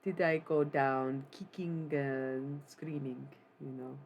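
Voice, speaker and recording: A streamer doing a put-on German accent to channel a late punk singer as a world-weary woman in a live-stream role-play, speaking slowly and haltingly with many pauses. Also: mid-range voice, fairly even intonation, a little hiss or hum, low-quality recording. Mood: wistful, defiant. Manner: slow, halting, reflective confession with many pauses.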